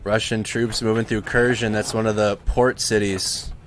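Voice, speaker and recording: A man's voice: on the low side, flat delivery, normal speed, slight background noise. A man hosting a live news stream, commenting casually and correcting himself as he goes. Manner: rambling, self-correcting.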